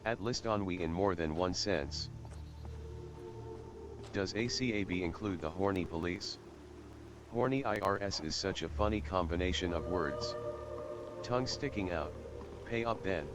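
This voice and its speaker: A man with a very low voice chats playfully on a stream, reading out chat messages and joking around. Music plays clearly behind him. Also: measured pace, pauses often. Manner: playful, jokey, sing-song repeating.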